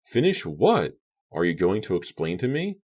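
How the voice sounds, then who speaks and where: A man voicing a panicked teenage boy tied to a chair in an audiobook, shouting and pleading. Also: low voice, huge pitch swings, moderate pace, pitched above the performer's own voice, heavily acted. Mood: frantic, shouting. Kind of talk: audiobook character voice.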